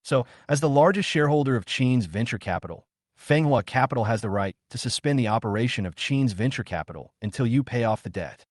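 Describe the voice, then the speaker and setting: A man's voice: medium pitch, expressive, fairly quick, dry recording, studio quality, natural voice. A man voicing a cold, businesslike woman executive who speaks in a curt, formal, matter-of-fact way in a story recap.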